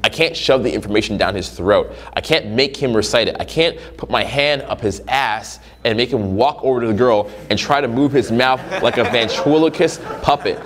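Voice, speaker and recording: A man's voice: medium pitch, moderate pace, few pauses. A man talking as a dating coach in a casual, profane monologue, acting out little scenes in different voices. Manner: profane, animated, acts out scenarios in voices.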